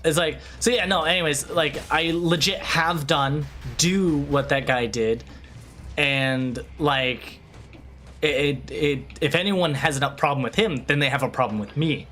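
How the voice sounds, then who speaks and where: A man streaming a video game, ranting in a loose, animated way, swearing freely and often restarting his sentences. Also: fairly high pitch, a little slow, a little hiss or hum. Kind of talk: casual livestream chat over gameplay.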